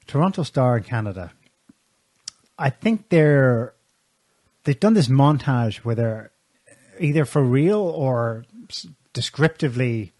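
A man's voice: mid-range voice, darkish tone, no echo. A man co-hosting a talk show, giving casual, sardonic political commentary with pointed remarks and frequent restarts. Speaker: show co-host.

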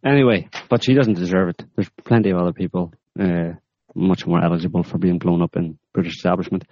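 Deep-voiced sarcastic male podcast host. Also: fast talker, no echo, highs cut off. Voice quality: rambling, deadpan with many fillers. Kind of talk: sarcastic current-affairs chat.

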